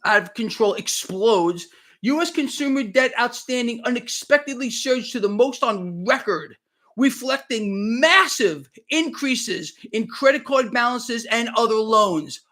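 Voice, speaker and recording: A man's voice: very high voice, animated, a little slow, sharp tone. A middle-aged man doing a live market commentary, heated and sarcastic, often repeating himself as he rants.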